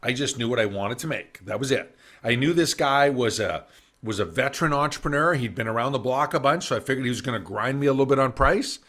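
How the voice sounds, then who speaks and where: Bright-voiced man telling a business story. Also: medium pitch, quick pace. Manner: animated, acts out quoted voices. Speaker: business speaker. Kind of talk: summit talk storytelling. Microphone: video call.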